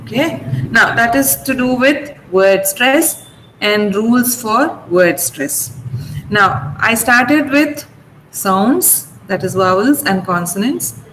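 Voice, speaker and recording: Slow, careful Indian English teacher. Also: female voice, on the high side, fairly bright tone. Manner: slow, drills words syllable by syllable, checks with "okay?". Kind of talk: online vocabulary and pronunciation lesson. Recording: echoey room, faint ambient noise.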